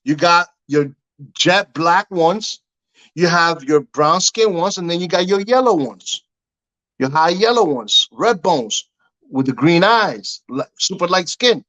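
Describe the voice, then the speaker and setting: A middle-aged man tells stories in a relaxed interview, his voice sitting a little high. He gets animated and acts out the other voices in his stories, and he keeps checking in with "you know what I'm saying.". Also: takes it slowly, dull audio. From Cuban heritage. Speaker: guest. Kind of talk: casual storytelling interview.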